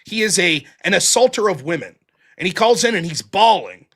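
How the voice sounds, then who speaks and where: High, bright-voiced male podcast host. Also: brisk. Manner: animated storyteller, swears freely. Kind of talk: casual chat.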